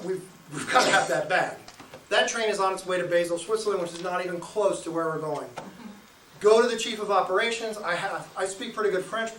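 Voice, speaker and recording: A man's voice: sits high, a bit bright, slight background noise. A man performing stand-up comedy, telling a travel story live and chuckling through his own tale. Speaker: stand-up comic. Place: live show venue. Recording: echoey room, mic from a distance.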